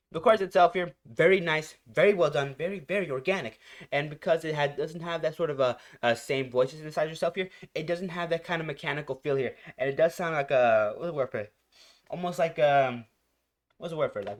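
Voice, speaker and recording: A man hosting a reaction channel, rambling casually, repeating phrases and searching for words as he reviews a song. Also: a little high. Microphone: headphones.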